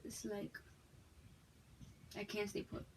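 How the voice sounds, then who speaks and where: A woman's voice: takes it slowly, slight background noise, poor audio. A young woman from Massachusetts, frank and emphatic, telling her personal story to her viewers in a casual vlog. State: pregnant, expecting a child. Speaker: vlogger.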